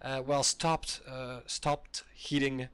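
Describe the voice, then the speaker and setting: A man's voice: mid-range voice, level tone, takes it slowly, fairly bright tone, clear, resonant tone. A man from France with a French accent, casually commentating a naval game match, often stumbling and repeating words. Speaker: tournament commentator.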